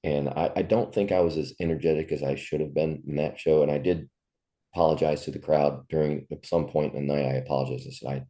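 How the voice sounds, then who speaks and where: A man's voice: very deep voice, fairly even intonation, a little fast, warm tone. A man in his fifties, a musician telling personal stories in an interview, speaking in a raw, profane and heartfelt way. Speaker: musician guest. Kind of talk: candid interview storytelling.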